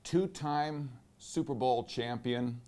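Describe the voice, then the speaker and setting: A man interviewing a guest, asking long measured questions with statistics. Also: medium pitch, warm tone.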